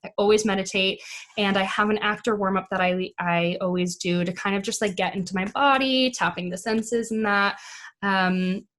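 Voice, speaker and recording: A woman's voice: mid-range voice, steady tone, moderate pace, fairly bright tone. A woman speaking as an actress guest in a casual interview, chatty, with many fillers and easy laughs. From United States.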